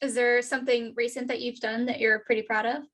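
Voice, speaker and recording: Upbeat woman host, higher voice. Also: flat delivery, brisk, a bit bright. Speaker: podcast host. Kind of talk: interviewing.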